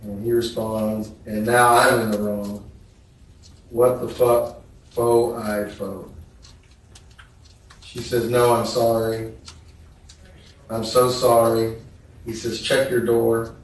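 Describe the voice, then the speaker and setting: A man testifying as a witness in a courtroom, reading text messages aloud in a slow, measured way. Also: mid-range voice, level tone. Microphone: distant courtroom microphone. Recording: echoey courtroom audio from far off with faint noise.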